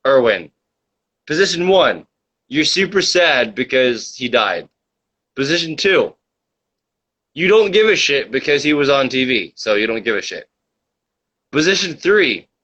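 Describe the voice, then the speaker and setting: A man's voice: medium pitch, fairly bright tone. A man with a mid-range voice runs a comedy livestream show, reading out viewer comments in casual chat. He rambles, laughs often and argues in a mock-conspiratorial way. The sound is dull and lo-fi. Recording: dull lo-fi mic.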